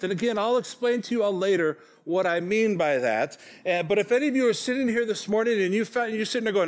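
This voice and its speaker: A pastor in his forties preaches to his congregation with a high voice and an easy, conversational delivery. He pokes fun at himself and keeps checking in with "okay?" as he talks. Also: fairly quick. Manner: conversational, self-deprecating, frequent "okay?" check-ins. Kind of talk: sermon. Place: church sanctuary.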